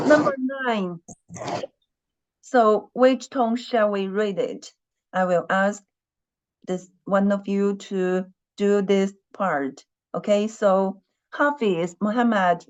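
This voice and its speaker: A woman's voice: medium pitch, dull audio. A woman teaching a Chinese class online, patiently repeating her questions and humming while she thinks.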